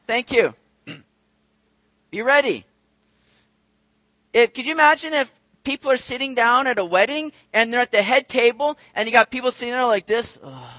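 A man preaching a sermon to his congregation, animated and acting out the voices of the people he describes. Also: very high-pitched, measured pace, long pauses, no echo. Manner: animated, acts out quoted voices, addresses congregation directly. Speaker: pastor.

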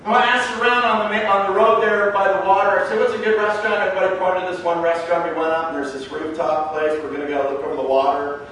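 A man preaching a sermon as a pastor, telling stories in an animated way and acting out the dialogue. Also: high voice, fast talker, few pauses. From Canada. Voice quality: animated storyteller who acts out the dialogue in his stories. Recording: very echoey hall, mic far off, faint background noise.

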